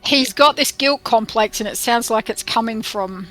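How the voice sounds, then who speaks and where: A woman's voice: fairly high pitch, moderate pace, music in the background, low-quality recording. A woman playing a tabletop game, chatting casually and thinking aloud. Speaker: player.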